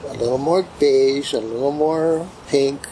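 A man's voice: mid-range voice, measured pace, warm tone, slight background noise, rough recording. A man chatting casually in a plainspoken, rambling way. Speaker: interviewee. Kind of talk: casual chat.

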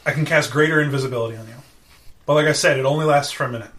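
A man playing a tabletop game in casual chat, excitable and swearing freely. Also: mid-range voice, rapid-fire. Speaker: player. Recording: noisy mic.

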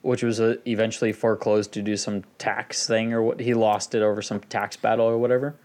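Low-voiced laid-back male podcaster. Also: flat delivery, a little fast, darkish tone. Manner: laid-back, rambling with fillers. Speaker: podcast co-host. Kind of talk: casual group chat.

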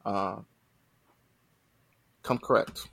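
A man's voice: lowish voice, very slow, vocal fry. A man in his forties hosting a casual group chat, rambling loosely and correcting himself as he goes. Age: 40s. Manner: relaxed, rambling, self-correcting. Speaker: podcast host.

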